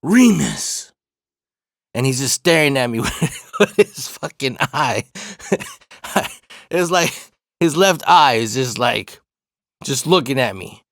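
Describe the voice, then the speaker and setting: A man from Arizona casually telling a personal story, profane and slang-heavy, with animated retelling. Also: mid-range voice, takes it slowly, long pauses, no room sound, clean studio sound. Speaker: storyteller host.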